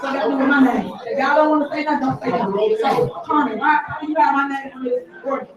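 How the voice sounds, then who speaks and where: Woman, official at a public board meeting, high-ish voice, emphatic and repetitive, distant mic in a booming hall with a crowd behind. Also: brisk, highs cut off. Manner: emphatic, repeats pointed questions. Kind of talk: heated remarks at a public meeting. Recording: echoey hall audio from far off with crowd. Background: crowd murmur.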